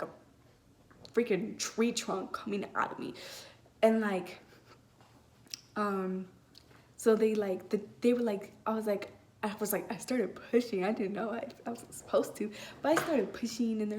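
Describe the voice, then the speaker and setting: A woman's voice: fairly high pitch, moderate pace, a little mellow. A teenage girl telling a personal story in a casual vlog, rambling with many fillers and restarts. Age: late teens. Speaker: vlogger.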